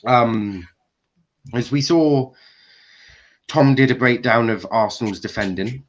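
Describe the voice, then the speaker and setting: A man's voice: mid-range voice, slow pace. Man, football stream host, casual chat, slightly muffled lo-fi audio. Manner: chatty, swearing, mimics frustrated shouting.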